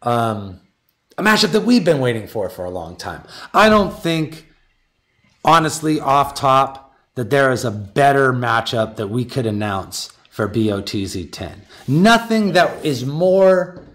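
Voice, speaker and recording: A man hosting a battle rap league stream, high, talking in a profane, animated rant and making a matchup announcement. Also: unhurried. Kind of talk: live-stream talk and announcement.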